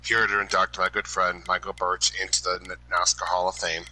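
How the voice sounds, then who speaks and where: A man giving an emotional hall of fame induction speech, halting and restarting as he loses his train of thought. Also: sits low, flat delivery. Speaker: inductee presenter. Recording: loud background noise.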